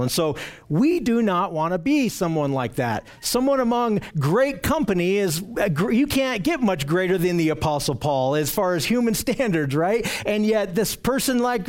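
A man preaching a sermon, teaching earnestly and emphatically, often repeating phrases for stress. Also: high-pitched.

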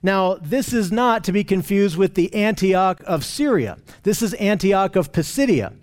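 A man teaching a Bible study lesson over a map, explaining in a steady way with frequent restarts and fillers. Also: high-pitched, normal speed.

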